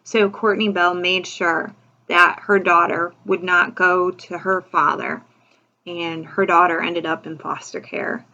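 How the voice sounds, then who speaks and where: A woman's voice: fairly low pitch, level tone, a little slow, pushed and bright. A woman hosting a casual true-crime commentary video, talking in a chatty, opinionated way and leaning on "like" and "you know". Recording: dull lo-fi recording.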